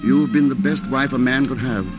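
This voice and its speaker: A man in 1940s radio acting, playing a steady, loving husband who speaks in a reassuring way, on a lo-fi old radio broadcast. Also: mid-range voice, moderate pace, loud music behind the voice, close to an everyday voice. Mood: devoted.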